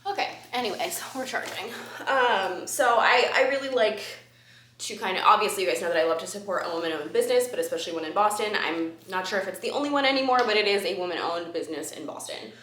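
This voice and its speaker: A young woman talks through a beauty haul in a loose, rambling way, full of ums and the odd curse. Her voice is bright and forward. The room around her is echoey and roomy, like an apartment living room. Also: mid-range voice, lively intonation, fast talker, a little hiss or hum. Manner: chatty and rambling, with frequent ums and casual swearing. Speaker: beauty vlogger. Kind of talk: casual haul chat to camera.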